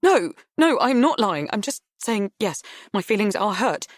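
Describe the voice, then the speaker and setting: A woman voicing a distraught mother who protests in a shrill, rising voice. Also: very animated, unhurried, dry recording, studio quality. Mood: indignant. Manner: shrill, squawky indignation. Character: distraught middle-aged mother, indignant.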